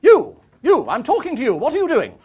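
A man putting on a booming, bossy countrywoman. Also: wildly swooping pitch, slightly rough, exaggerated voice. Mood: bellowing. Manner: commanding, brisk, bellowing. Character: bossy, booming middle-aged English countrywoman.

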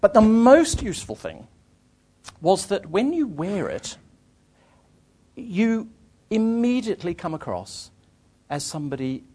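A man with a fairly high voice tells travel tales to an audience. His pitch swings widely, and he talks in a lively, self-deprecating way, restarting phrases as he goes. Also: unhurried, pauses often. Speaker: author giving a talk. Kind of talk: anecdotal storytelling to an audience.

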